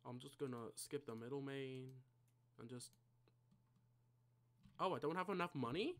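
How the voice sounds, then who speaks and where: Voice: mid-range voice, unhurried, long pauses, a bit bright. A gaming channel creator giving casual gameplay commentary, mumbling and thinking aloud to themself at a desk mic.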